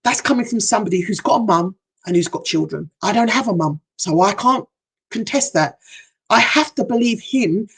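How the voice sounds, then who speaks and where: A woman's voice: medium pitch, lively intonation, moderate pace, husky. A middle-aged woman hypnotherapist telling a personal story in a heartfelt, emotional way on a livestream. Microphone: livestream setup.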